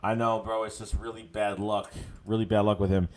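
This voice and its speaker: A man's voice: lowish voice, flat delivery, fairly quick. A man hosting a casual sports livestream, reading viewers' comments aloud and answering them in a blunt, profane way with many fillers and repeated words. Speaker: livestream host reading fan chat.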